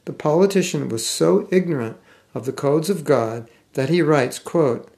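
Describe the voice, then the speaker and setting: An older American man with a General American accent giving a scripture class, speaking thoughtfully with some halting restarts and reading passages aloud. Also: fairly high pitch, vocal fry, darkish tone. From United States. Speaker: spiritual teacher. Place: class room.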